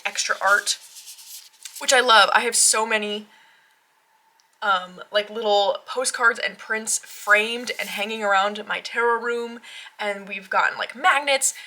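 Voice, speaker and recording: A woman gushing through a casual tarot deck walkthrough at home, excitable, with frequent gasps and fillers. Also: on the high side. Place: home tarot room, rain outside.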